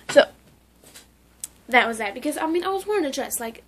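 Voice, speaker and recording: A woman's voice: high voice, expressive, fairly quick, pauses often, a little hiss or hum. A woman talking casually in a memorial vlog, rambling with lots of "like" and restarts. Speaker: vlogger.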